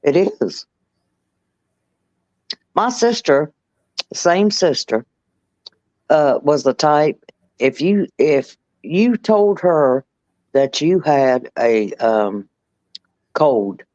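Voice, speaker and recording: A man's voice: fairly high pitch, sing-song, extremely slow, long pauses, darkish tone, dry recording, dull audio. A man with a Southern US accent, chatting casually and telling stories with dry teasing. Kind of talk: casual chat.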